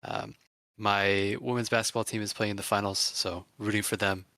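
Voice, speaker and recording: A man with a lowish, bright and forceful voice chats casually as an esports caster. His speech is hesitant and full of fillers, recorded dry and close. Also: fairly even intonation, normal speed, no room sound. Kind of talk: casual stream chat.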